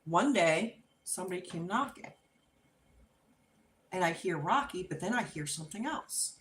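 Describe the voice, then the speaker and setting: A middle-aged woman hosting a livestream, chatting casually and telling an unhurried story with laughs while she crafts. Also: lowish voice, echoey room. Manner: animated and expressive when acting out quotes. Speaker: livestream host.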